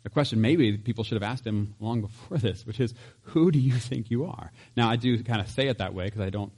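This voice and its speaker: A man's voice: on the low side, quick pace, darkish tone, breathy edge. A man preaching a casual, conversational sermon, chatty with laughs and asides. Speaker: pastor.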